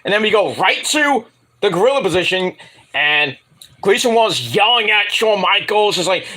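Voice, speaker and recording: Guy rambling thru a wrestling review, high voice, swoops up and down a lot. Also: very animated, moderate pace, pushed and bright. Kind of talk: casual solo review monologue.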